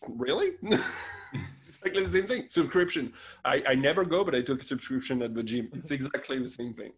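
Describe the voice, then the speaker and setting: A man in his thirties from France with a French accent, co-hosting a podcast in an animated, laughing rant. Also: medium pitch, fairly quick. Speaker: podcast co-host. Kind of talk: casual chat.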